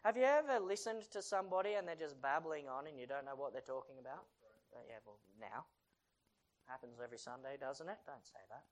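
A preacher in mid-sermon with a middling pitch, switching between reading scripture verses aloud and casual explanation. Questions are thrown at the congregation, and the delivery climbs to loud, urgent pleading. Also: quick pace, few pauses, rough recording. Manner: reads King James verses aloud, then explains them in chatty asides; asks the congregation frequent questions.

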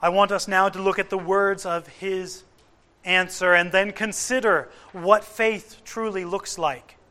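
A man preaching a sermon in an earnest, emphatic way, with dramatic pauses. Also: high voice, steady tone, sharp tone.

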